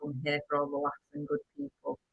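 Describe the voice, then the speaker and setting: A quick-talking man co-hosts a live stream with a gravelly, fry-laden voice pitched a little high. He reads out comments and banters briskly. The audio is dry and slightly dull. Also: sing-song, slight background noise. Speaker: co-host of a live reselling chat show. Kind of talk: casual live-stream chat, reading viewer comments.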